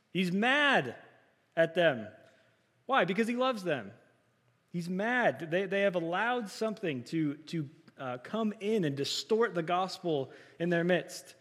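A soft-spoken male pastor with a somewhat high voice, pushing himself to project as he preaches. He keeps turning to the congregation with questions and gives loud, emphatic readings of quoted lines. His voice rings with a long reverb from the church hall. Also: big pitch swings, slow. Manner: self-described soft-spoken, trying to project. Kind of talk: sermon. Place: church sanctuary.

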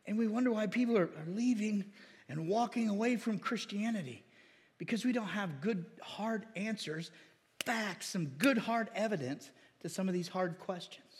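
A man preaching a sermon, animated, with laughs and mocking impressions of critics. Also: high-pitched, moderate pace, big-room sound. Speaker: pastor.

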